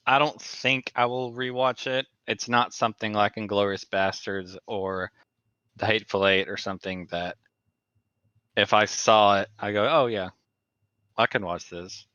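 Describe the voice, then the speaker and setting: Low-voiced man, dull dry recording. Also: fairly even intonation, measured pace, bright, forceful tone, clean tone, dry recording. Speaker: podcast co-host. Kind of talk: casual chat.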